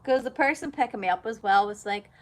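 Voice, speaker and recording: A woman's voice: on the high side, fast. A young woman chatting casually on a livestream, telling stories in a chatty, giggly way. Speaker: singer and livestream host.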